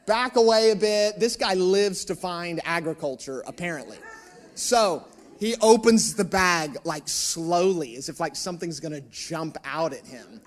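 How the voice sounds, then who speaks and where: A male pastor preaching, telling a personal story in an animated, self-mocking way with asides to the room. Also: high voice, a little slow.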